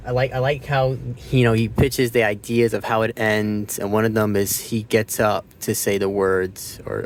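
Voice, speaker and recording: A man giving a casual spoken movie review who rambles, swears freely and loses his train of thought. He gets loud and excited when he retells scenes. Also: lowish voice, vocal fry, a little hiss or hum.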